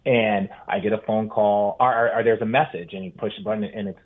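A man in his forties, a former basketball player, telling stories as an animated podcast guest, with restarts. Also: lowish voice, a little fast. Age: 40s. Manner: animated storyteller, with restarts and acted-out quotes. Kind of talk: casual storytelling chat. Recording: tinny phone-like line.

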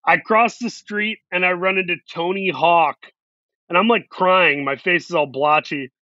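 A man's voice: high voice, normal speed, pushed and bright, no room sound, dull audio. A man, an actor guest, telling long self-deprecating stories in a casual interview. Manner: rambling, self-deprecating anecdotes.

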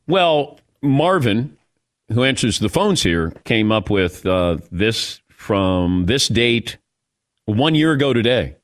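A man's voice: medium pitch, sing-song, slow pace. A man hosting a sports talk radio show, laughing often and arguing back and forth with his co-hosts.

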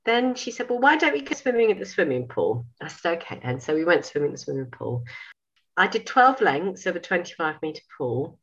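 A woman's voice: on the low side, brisk, husky, dull audio. Chatty woman in her fifties, telling a story. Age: 50s. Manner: animated, laughing, acts out dialogue. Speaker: sewing school owner. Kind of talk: casual storytelling.

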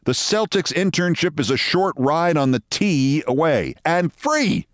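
A man's voice: on the high side, very animated, a little slow, dry recording. A man hosting a show, telling a personal story in a wry, vivid way. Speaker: host. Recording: dry close studio sound.

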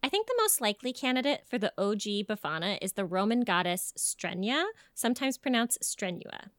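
A young woman co-hosts a casual podcast, blending folklore with crude jokes as an animated, swearing storyteller. Her mid-range voice is clear and resonant, a little fast, and swings across a wide melodic range. The recording is close and dry.

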